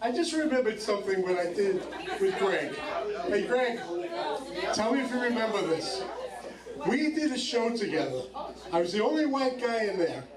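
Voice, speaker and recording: A man's voice: sits high, very animated, normal speed, long pauses. A man hosting a comedy show in a bar, telling a casual story on stage. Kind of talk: casual stand-up banter. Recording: echoey club from far off with crowd.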